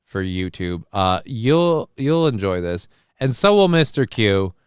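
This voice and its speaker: A man's voice: lowish voice, big pitch swings, a little slow, clean tone, no echo, studio quality. Sarcastic man riffing on a livestream. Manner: crude sarcastic riffing, reads chat aloud. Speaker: show host. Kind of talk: casual livestream commentary.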